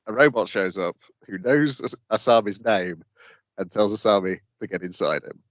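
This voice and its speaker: A man's voice: on the low side, normal speed, no room sound. A man co-hosting an anime podcast, moving the recap along with brief plot summaries. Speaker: podcast co-host. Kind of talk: casual chat recapping an anime.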